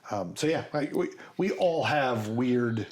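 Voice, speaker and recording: A man from north central Kansas co-hosting a podcast, explaining in a lively, joking manner. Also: mid-range voice, unhurried, a crowd in the background. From north central Kansas, USA. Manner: animated, explains with asides and jokes. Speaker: podcast co-host. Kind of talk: casual chat.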